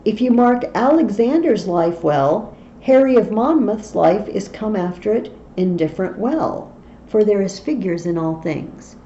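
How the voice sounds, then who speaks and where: A woman's voice: medium pitch, lively intonation, a little slow, dark tone, natural voice. A woman reading a long-winded Welsh army captain. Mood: earnest. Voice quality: wordy, old-fashioned. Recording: dull, faintly noisy recording.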